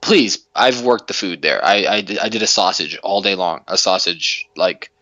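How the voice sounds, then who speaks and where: Low-voiced man ranting, lo-fi podcast. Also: moderate pace, sharp tone, dry recording. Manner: passionate, rambling, profane, many restarts. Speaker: podcast co-host. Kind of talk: ranting casual chat. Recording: dull lo-fi podcast audio.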